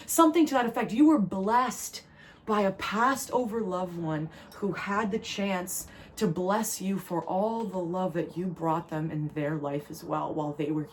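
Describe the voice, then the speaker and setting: A woman's voice: medium pitch, slight background noise. Earnest woman sharing a channeled message. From New Jersey. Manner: earnest, rambling, emotional delivery in quick bursts. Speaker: tarot reader.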